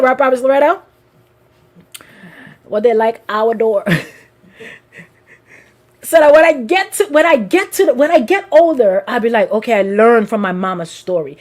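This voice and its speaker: A woman with a bright, high-pitched voice preaches at a live service. She weaves personal stories into her message in a lively, animated way. She keeps restarting her phrases and calls out to people in the pews. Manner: animated, repetitive restarts, addresses congregation directly. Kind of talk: live sermon with personal storytelling.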